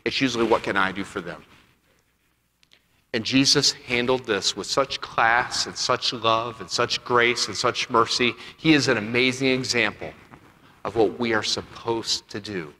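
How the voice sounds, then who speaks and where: A male pastor preaching a sermon, acting out dialogue and swinging between loud passages and soft ones. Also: mid-range voice, measured pace, slight background noise. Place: church sanctuary. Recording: church hall with long reverb.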